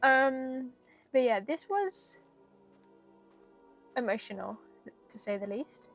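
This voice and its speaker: A woman's voice: high-pitched, lively intonation, slow, soft background music. A woman giving casual, emotional commentary on her gameplay and chatting to her viewers. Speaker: gaming video creator.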